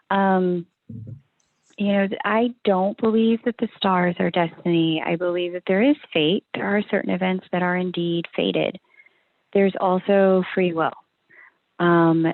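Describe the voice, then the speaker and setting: A woman's voice: on the low side, dry recording. A woman guest astrologer answering interview questions in a friendly, assured way, with light laughter. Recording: dry tinny call audio.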